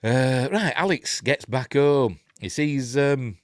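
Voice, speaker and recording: A man's voice: mid-range voice, slow pace, no room sound, studio quality. A middle-aged man with a Yorkshire accent hosting a casual film breakdown, rambling through the plot with chuckling asides and chatting to viewers. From Yorkshire, England. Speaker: host of a film review show.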